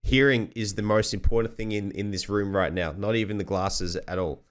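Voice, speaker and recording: A man's voice: on the low side, fairly even intonation, moderate pace. A young Australian man hosting a casual podcast chat, swearing freely and acting out other people's lines as he tells stories. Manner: sweary storyteller, acts out other people loudly. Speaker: podcast host.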